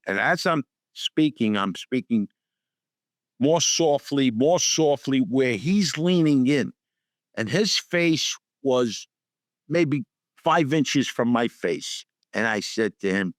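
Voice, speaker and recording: An older man, an actor guest on an interview show, telling lively anecdotes and acting out the dialogue in them. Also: medium pitch, slow pace, no echo, studio quality. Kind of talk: storytelling interview.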